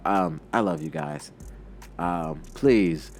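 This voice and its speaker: Low-voiced man narrating a fan story. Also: lively intonation, moderate pace, slight background noise. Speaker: channel host and storyteller.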